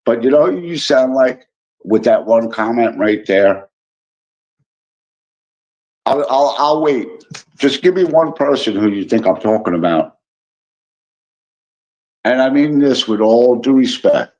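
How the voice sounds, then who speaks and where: A man's voice: medium pitch, lively intonation, measured pace, pauses often, darkish tone. Chatty man hosting a live stream, lo-fi. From Illinois. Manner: chatty, greets viewers by name, teasing. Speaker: livestream host. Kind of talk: casual live chat reading comments. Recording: dull lo-fi sound.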